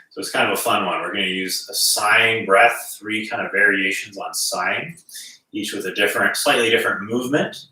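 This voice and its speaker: A man teaching a gentle qigong class, calmly guiding breaths and movements. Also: lowish voice. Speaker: qigong instructor. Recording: very echoey room, distant mic.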